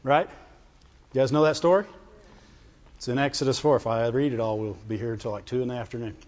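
A man preaching a sermon, lively and emphatic, climbing high when he voices God. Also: fast, big-room sound, highs cut off.

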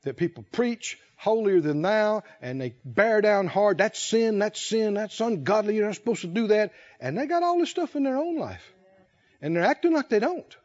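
Male preacher, high and lively, folksy and chuckling, on a dull low-fi recording. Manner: animated, folksy, laughs often, acts out voices. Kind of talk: sermon. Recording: dull lo-fi sound.

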